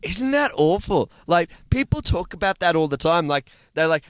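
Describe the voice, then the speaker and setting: Aussie co-host, chatty and rambling, animated pitch, dry close recording. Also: male voice, moderate pace, hardly any pauses, clean tone, dry recording. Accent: Australian. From Australia. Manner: rambling, laughs often, tangents. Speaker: podcast co-host. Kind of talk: casual chat.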